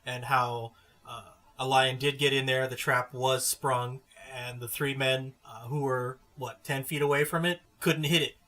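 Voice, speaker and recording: A man's voice: medium pitch, fairly even intonation, measured pace, sharp tone. A man co-hosting a casual movie review podcast, chatty and often restarting his words. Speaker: podcast co-host.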